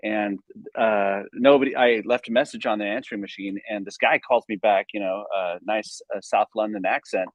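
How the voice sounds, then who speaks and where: A middle-aged man from the United States, a sports card collector, telling stories in an energetic, enthusiastic way. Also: fairly low pitch, moderate pace, dry recording, muffled recording. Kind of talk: casual storytelling.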